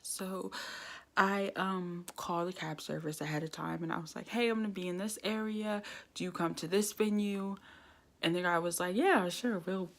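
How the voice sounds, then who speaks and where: A young woman vlogger telling a lively personal story, laughing often and acting out what people said. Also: fairly low pitch, moderate pace. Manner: animated storytelling, laughs often, acts out quoted dialogue. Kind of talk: casual storytime vlog.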